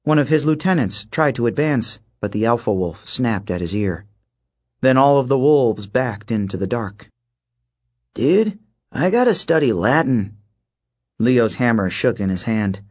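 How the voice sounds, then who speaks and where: A man with a mid-range voice performs scripted audiobook narration, telling the story in a steady, measured way.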